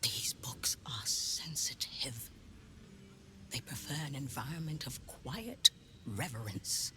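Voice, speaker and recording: An actress voicing a guarded female bookseller of dangerous books, in a slow, conspiratorial whispered role-play. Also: extremely low pitch, lively intonation, exaggerated voice. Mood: hushed. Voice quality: hushed, unvoiced whisper.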